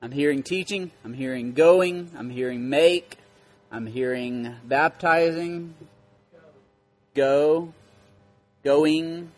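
A man's voice: fairly high pitch, takes it slowly, long pauses. A man preaching as a pastor, teaching scripture emphatically, repeating key words and quizzing his listeners. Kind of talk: interactive Bible teaching.

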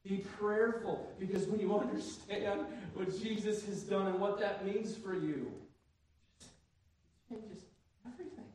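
A man in his thirties preaching a sermon as pastor, animated, moving between quiet asides and loud emphatic bursts. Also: high-pitched, unhurried, slight background noise. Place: church sanctuary. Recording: very echoey church hall.

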